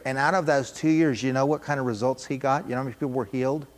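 A man preaching a sermon, telling a story with animated, emphatic repetition. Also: medium pitch, very fast, in a large hall.

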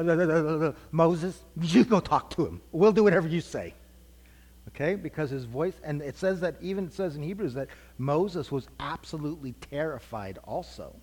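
A middle-aged man teaching a church group conversationally, asking questions and repeating their answers. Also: on the high side. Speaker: preacher teaching a class. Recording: long hall reverb.

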